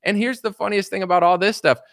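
A man giving casual political commentary on a stream, animated and mocking, acting out the people he quotes. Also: sits high, quick pace, creaky, no room sound, studio quality.

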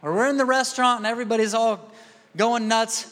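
A man's voice: very high voice, fairly even intonation, fairly quick, fairly bright tone. A man preaching a sermon as a pastor, telling stories with acted-out quotes and often asking the crowd if they are with him. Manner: storytelling, acts out quoted voices; asks the crowd "are you with me?". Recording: long hall reverb.

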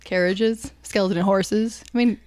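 A woman's voice: mid-range voice, steady tone, a little slow, a little mellow. Playful woman joking on a podcast. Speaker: podcast co-host. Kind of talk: casual chat, whiskey tasting. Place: small dim podcast room.

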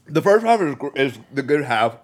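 This man is co-hosting a relaxed movie-review chat with friends. He retells scenes with animated delivery, and his voice sits at an average pitch. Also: moderate pace. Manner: animated storyteller, acts out scenes. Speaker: podcast co-host.

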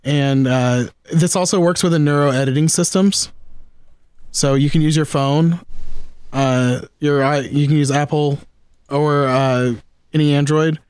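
A man hosts a casual gear chat, talking in a fairly high voice. He rambles and restarts often, and his excitement keeps spilling over. The sound is dry and close, with no room around it. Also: a little slow, smooth, no echo. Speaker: podcast host.

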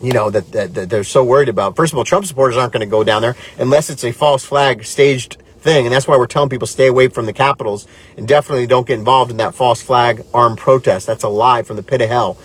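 Earnest pastor chatting on a livestream. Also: male voice, mid-range voice, quick pace, hardly any pauses, slightly rough. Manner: earnest and conversational, drifting between animated and quiet. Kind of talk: live-stream chat reading viewer comments.

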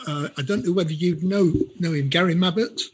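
A man's voice: a little high, a little fast, slightly rough. A man co-hosting a podcast, asking his guest questions in an easygoing way. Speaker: podcast co-host. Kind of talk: podcast interview.

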